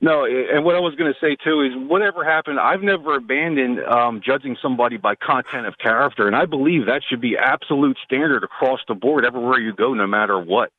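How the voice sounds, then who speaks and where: A man's voice: medium pitch, quick pace, few pauses, no echo. A man calling in to a talk radio show, speaking earnestly with some filler words. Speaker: caller. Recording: tinny phone line.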